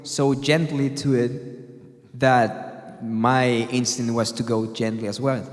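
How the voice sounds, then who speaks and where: A man's voice: mid-range voice, fairly even intonation, slow pace, long reverb tail. A man taking a voice lesson, talking casually about his singing and speeding up when he explains himself. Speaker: singing student.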